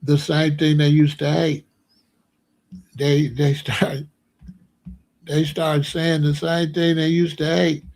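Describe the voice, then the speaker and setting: A man's voice: a little high, flat delivery, slow pace, vocal fry, pauses often, darkish tone. An American man hosting his own show, talking casually and at length to viewers, repeating himself and boasting. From United States. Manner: rambling, repetitive, boastful. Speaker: commentary show host.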